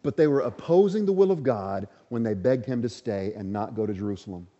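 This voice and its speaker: A man preaching an earnest, emphatic sermon and asking the congregation questions. His voice is mellow and dark. The recording is dull with a long reverb. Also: on the low side, animated, brisk. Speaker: pastor.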